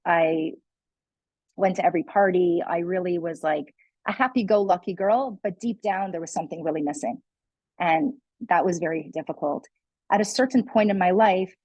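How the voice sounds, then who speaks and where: A woman's voice: lowish voice, warm tone, no room sound, rough recording. A young adult woman, a guest speaker, telling her personal story in a candid, earnest way with many "like" and "you know" fillers. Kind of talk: personal testimony in a conversation.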